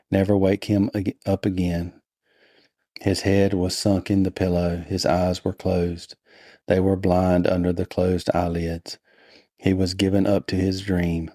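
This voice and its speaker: A man reading a story aloud in a deliberately dull, unhurried way for bedtime listening. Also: deep voice, dry recording, studio quality. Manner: flat, unhurried, monotonous. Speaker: podcast host and reader.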